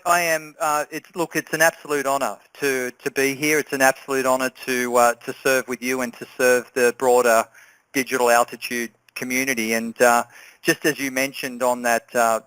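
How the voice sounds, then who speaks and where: A man's voice: medium pitch, a bit bright, no room sound, rough recording. A man with an Australian accent, a guest coach who tells a personal story with earnest repetition and many "you know"s. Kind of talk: telling a personal story on a group call.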